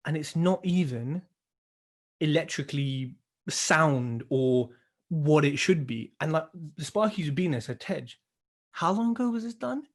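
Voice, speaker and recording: Animated man telling stories. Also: a little high, a little slow. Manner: animated, swears, acts out others' lines. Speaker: podcast co-host. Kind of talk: casual storytelling chat.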